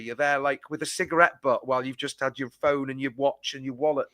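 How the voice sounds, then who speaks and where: A man talking as a guest on a casual live-stream football chat, animated and wry, jumping into quick tangents and swearing bluntly. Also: medium pitch, no echo, clean studio sound.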